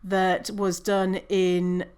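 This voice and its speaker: A woman's voice: lowish voice, completely flat delivery, drawn-out words, a little mellow, smooth. A woman hosting her own podcast, talking casually on her own, swearing and laughing at herself. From British Columbia, Canada. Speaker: podcast host. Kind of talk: casual solo podcast talk.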